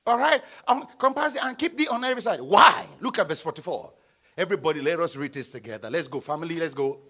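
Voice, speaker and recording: Lively high-voiced preacher. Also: male voice, fast, husky. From Nigeria. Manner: preaching with sudden shouts and call-and-response. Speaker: pastor. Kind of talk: sermon. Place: church.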